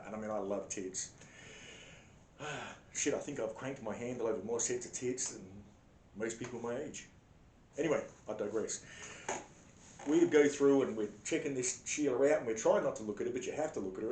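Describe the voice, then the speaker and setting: An Australian man telling a crude comedic story in a blunt, sarcastic, heavily profane way. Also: a little mellow. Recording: echoey room with faint rumble.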